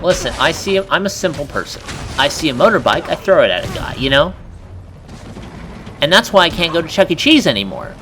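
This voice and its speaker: Animated, bright-voiced joking gamer man. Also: on the high side, a little fast, soft background music. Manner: joking, animated, laughs often. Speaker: co-commentator on a gameplay video. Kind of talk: casual gaming banter.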